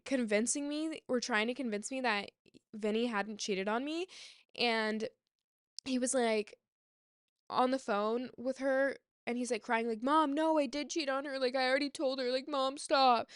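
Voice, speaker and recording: A woman's voice: a little high, fairly bright tone, clean tone, no echo, studio quality. A young woman telling a personal story in a casual, chatty way, full of "like" and "um" and often exasperated. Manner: chatty, frequent "like" and "um" fillers; exasperated, emphatic. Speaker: vlogger.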